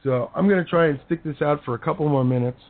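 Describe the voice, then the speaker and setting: Man, hoarse, gravelly, fairly high, angry sarcastic host rant, tinny phone-like audio. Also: fast. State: hoarse, voice giving out. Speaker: show host. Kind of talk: heated talk-show rant.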